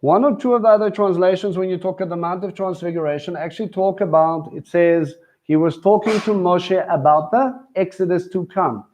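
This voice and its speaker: Brisk and almost pause-free, this high, darkish male voice comes through dull audio. The speaker, a Messianic congregation teacher, preaches a live sermon in a chatty way and keeps questioning the crowd.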